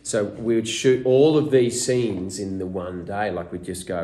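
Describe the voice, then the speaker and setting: A man with an Australian accent, an actor telling casual behind-the-scenes anecdotes to fans at a convention meet-and-greet, animated and full of restarts. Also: fairly low pitch, normal speed, few pauses. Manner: animated storyteller, acts out quotes, many restarts. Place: small room at a fan convention. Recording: echoey room.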